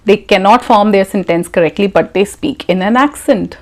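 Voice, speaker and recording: A woman's voice: mid-range voice, moderate pace. A woman, coaching her viewers on in a direct, lecturing manner full of rhetorical questions. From India. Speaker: YouTube English coach. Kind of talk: advice talk to camera.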